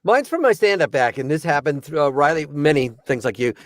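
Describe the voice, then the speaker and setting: A man telling a stand-up style story on a podcast, animated, in punchy short sentences and acting out characters. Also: on the high side, a little fast, no room sound, studio quality. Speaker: comedian and voice actor.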